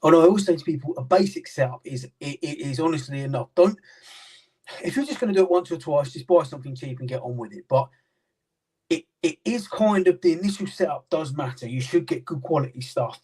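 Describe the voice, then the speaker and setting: A man's voice: a little high, expressive, brisk, dark tone, slightly rough, far from the mic, low-quality recording. A British man in casual chat, rambling with many fillers and restarts as he explains his knife-sharpening work. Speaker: knife sharpener and maker, guest. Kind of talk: casual chat on a live stream.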